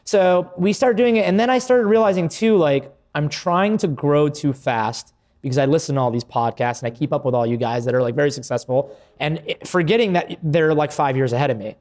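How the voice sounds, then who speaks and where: Male founder, podcast guest; rapid, slightly high-pitched, loose and profane. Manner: fast, excitable, swears freely. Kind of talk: casual podcast conversation.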